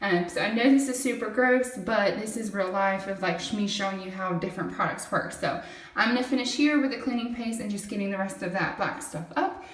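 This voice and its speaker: A woman's voice: mid-range voice, a little fast. A woman giving a casual how-to demonstration in her home bathroom, chatting as she scrubs. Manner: chatty, explains while scrubbing. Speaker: product demonstrator. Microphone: camera set back from the speaker. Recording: echoey tiled bathroom from a distance.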